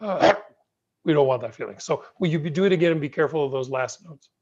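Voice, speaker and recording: A patient, encouraging middle-aged man coaching a piano student over a video call. His voice sits a little high and comes through muffled and lo-fi. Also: racing, darkish tone. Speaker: piano teacher. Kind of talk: online piano masterclass.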